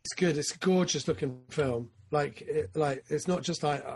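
A man co-hosts a casual film podcast in a husky, slightly raised voice. He talks eagerly, leaping into loud enthusiasm and then sinking into quiet, trailing asides. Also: moderate pace, few pauses. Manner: excitable, swings from loud enthusiasm to low mumbling asides. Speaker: podcast co-host.

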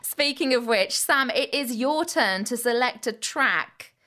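A woman hosting a radio talk show, briskly introducing guests and segments. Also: a little high, lively intonation, bright, forceful tone.

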